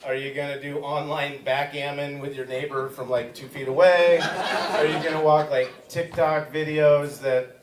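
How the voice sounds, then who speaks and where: A man does a student stand-up set, talking in a loose, rambling, conversational way. His voice is mid-pitched. He sounds distant in a reverberant theater, with audience noise clearly behind him. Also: little pitch movement, normal speed. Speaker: student comic. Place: comedy theater stage with a live audience. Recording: roomy, distant live-stage recording with audience noise.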